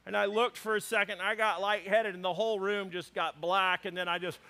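High-voiced, bright-sounding male pastor. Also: brisk, hardly any pauses. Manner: animated storytelling with humor. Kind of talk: sermon. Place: church before a congregation.

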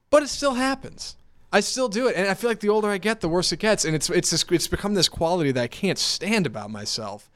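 A man from Houston co-hosting a radio show, talking in casual chat with a smooth radio voice. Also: high-pitched, quick pace. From Houston, Texas. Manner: smooth radio voice, animated storytelling. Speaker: radio co-host and announcer.

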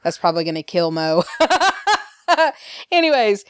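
A woman's voice: medium pitch, sing-song, slow pace, clear, resonant tone, no room sound, clean studio sound. A woman from Alabama with a Southern accent, chatting casually as a podcast host and acting out quoted lines with laughs. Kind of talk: casual recap chat.

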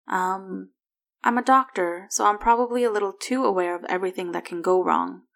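A woman's voice: medium pitch, expressive, a little fast, a bit bright. A woman voicing a guarded, dry-witted pregnant doctor in a story reading. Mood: wry.

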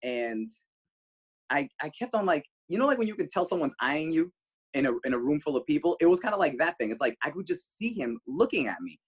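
A male radio host, the guest, telling animated stories casually, swearing freely. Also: brisk, slightly rough. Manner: animated, swears freely, jumps pitch for quoted lines. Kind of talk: casual storytelling.

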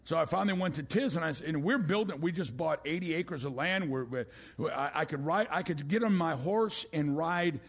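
An older man preaching a sermon as a pastor, swinging from loud exclamations down to a hushed voice. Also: a little high, normal speed, hardly any pauses, breathy edge. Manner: rising to loud exclamations, then dropping to a hush.

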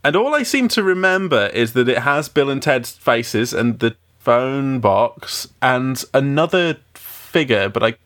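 Rambling man on a film podcast, pitch bouncing all over the place as he talks. he chats easily and laughs a lot, like he's thinking out loud with a friend. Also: very animated, unhurried, hardly any pauses. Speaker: podcast co-host. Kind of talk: casual film podcast chat.

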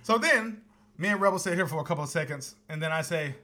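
A man co-hosting a podcast, telling a story in casual chat with lots of laughter and sudden high-pitched outbursts. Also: fast. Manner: animated, laughing storyteller, voice jumps high when excited. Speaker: podcast co-host.

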